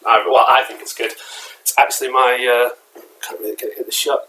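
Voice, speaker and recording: Pushed and bright, his medium-pitched voice moves a little fast with fairly even intonation. The English-accented collectibles vlogger rambles casually at home, full of fillers and restarts, and the poor audio carries slight background noise.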